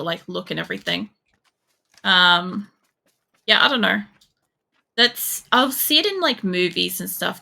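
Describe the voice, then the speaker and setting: A mid-range, bright, forceful voice with vocal fry belongs to a young woman from Poland who is streaming a shooter game. Her casual chat wanders, with lots of fillers and open swearing.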